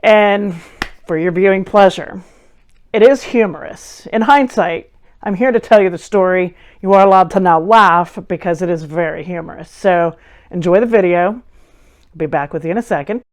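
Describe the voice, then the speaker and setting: A woman's voice: lowish voice, moderate pace. Wry storytelling woman in her forties. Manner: animated, wry, self-deprecating. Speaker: host. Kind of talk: casual storytelling monologue.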